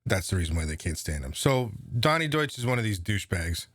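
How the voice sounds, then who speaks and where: A man's voice: deep voice, big pitch swings, fairly quick, fairly bright tone, dry recording, clean studio sound. A man hosting casual political commentary, sarcastic and profane, rambling as he goes. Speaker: host.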